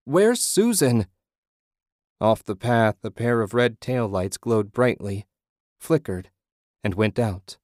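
A man narrating a horror story in a steady, measured reading. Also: fairly low pitch, dry recording, clean studio sound.

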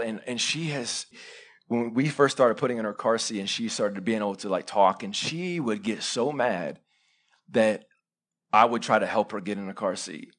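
A man in his thirties preaching a live sermon, swinging between loud urgent bursts and quiet, intimate asides and asking the congregation direct questions. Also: lowish voice. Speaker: pastor.

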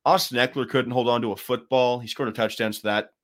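A man's voice: medium pitch, steady tone, fast talker, a bit bright. A man co-hosting a casual sports talk show, rambling and joking with lots of fillers and restarts. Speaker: podcast co-host.

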